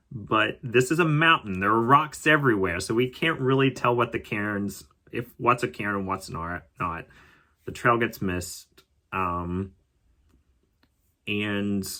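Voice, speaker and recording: A man calmly telling a personal story as a podcast host, reflective and unhurried. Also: fairly low pitch. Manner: calm, reflective storytelling with occasional laughs.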